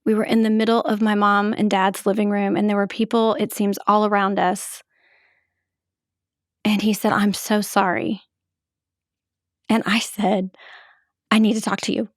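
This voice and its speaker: A middle-aged woman telling her own story as a podcast host, in a measured, halting, emotional way. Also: mid-range voice, level tone, no echo, studio quality. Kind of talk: reflective personal storytelling.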